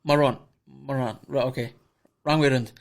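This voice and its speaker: A man's voice: medium pitch, steady tone, normal speed. A Scottish man co-hosting a podcast, asking questions in a hesitant, casual way. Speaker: podcast co-host. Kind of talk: casual chat.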